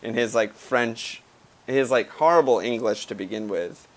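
An American man co-hosting a casual podcast, swearing freely and telling animated stories. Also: medium pitch, normal speed. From United States. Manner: profane, animated storytelling with quoted asides. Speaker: podcast co-host. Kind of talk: casual chat.

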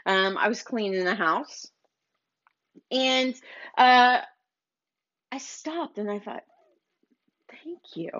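A woman's voice: a little high, slow pace, long pauses, a bit bright. A woman hosting a motivational business podcast, urging listeners in a preachy, repetitive way. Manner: preachy, urging, repeats phrases. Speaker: podcast host. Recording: slightly dull lo-fi recording.

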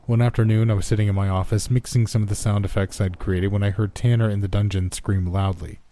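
Deep, dark-voiced male storyteller. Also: fast talker. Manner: steady first-person storytelling. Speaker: narrator. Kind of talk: scripted horror story narration.

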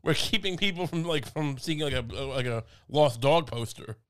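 A man's voice: a little high, normal speed, fairly bright tone. A young man co-hosting a casual comedic podcast chat, rambling with stammered restarts and silly put-on voices. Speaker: podcast co-host.

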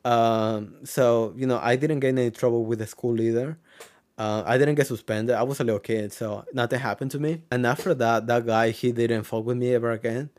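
A young man from Mexico talks to the camera, telling an old story from his childhood. He rambles as he goes, stacking up fillers, restarting sentences and swearing casually. His voice sits at an ordinary middle pitch for a man. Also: fairly even intonation, fairly quick, a little mellow. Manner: rambling, frequent fillers like "like" and "you know", swears freely. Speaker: vlogger.

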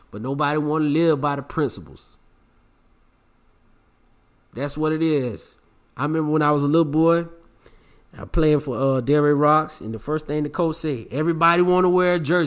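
A man's voice: fairly high pitch, normal speed, pauses often, fairly bright tone. A young man hosting a podcast, talking in a brash, preachy, swaggering way full of slang. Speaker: podcast host. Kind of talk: preachy self-help podcast monologue.

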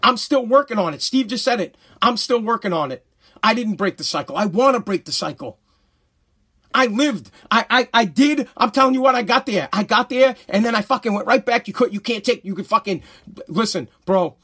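Male podcast host, 30s, American, high-pitched, heated profane ranter. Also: expressive, a little fast, breathy edge. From United States. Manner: heated, profane, repetitive ranting; shouts at peaks, stumbles and restarts. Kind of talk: ranting live-stream podcast monologue.

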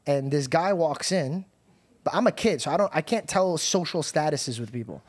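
A young man hosting a podcast, telling a story in a casual, animated way with laughter and swearing. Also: on the high side, normal speed. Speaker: podcast host.

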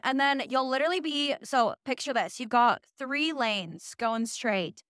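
Young woman ranting casually, sarcastic, smooth higher voice, dry close sound. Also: expressive, normal speed, hardly any pauses, a bit bright, dry recording. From Utah. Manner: chatty, sarcastic, heavy use of "like" and swearing. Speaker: vlogger. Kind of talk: casual chat.

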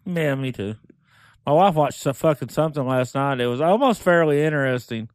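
A man's voice: fairly high pitch, fairly quick, no echo. A man guesting on a podcast, chatting casually in a blunt way with heavy cursing. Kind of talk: casual chat.

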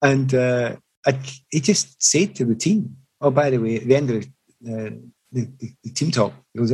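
Through a low-quality recording, a middle-aged ex-footballer reminisces at a moderate pace in a husky, medium-pitched voice. He tells reflective, animated stories in an interview, frequently backtracking to restart.

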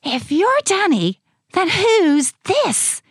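A woman voicing an excited three-year-old boy dressed as a dinosaur, shouting and roaring. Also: very high-pitched, drawn-out words, dry recording, clean studio sound, voice pushed up, exaggerated voice. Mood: puzzled.

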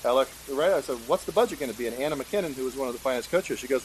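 A middle-aged man telling a story in a casual interview, animated and acting out the voices of people he quotes. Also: medium pitch, rapid-fire, a little hiss or hum, low-quality recording. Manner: animated, acts out quoted voices, chuckles often. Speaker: guest, state senator.

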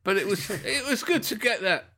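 Man, football fan, bright excitable chatter. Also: high voice, moderate pace. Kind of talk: casual chat.

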